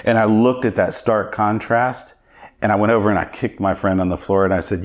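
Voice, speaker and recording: A man's voice: fairly low pitch, fairly even intonation, fairly quick. A middle-aged man, a podcast guest, telling his personal testimony in an earnest, reflective way.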